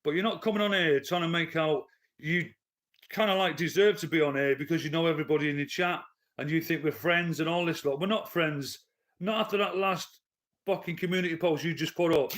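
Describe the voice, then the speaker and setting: Heated, profane man, raised voice. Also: fairly high pitch. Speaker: livestreamer and commentator. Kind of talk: live stream rant to chat. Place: his living room at home.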